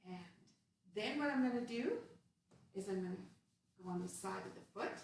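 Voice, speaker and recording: A woman with a medium-pitched, darkish, expressive voice leads a playful movement lesson for children, guiding each action step by step in a sing-song way at a moderate pace. She's off-mic in a very echoey room with faint hiss.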